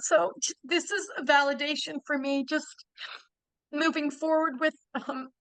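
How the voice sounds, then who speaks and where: A woman, a bereaved mother, answering a medium on a video call in a halting, soft-spoken way. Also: high voice, no echo, rough recording. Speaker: bereaved parent, group member. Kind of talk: casual talk in a reading.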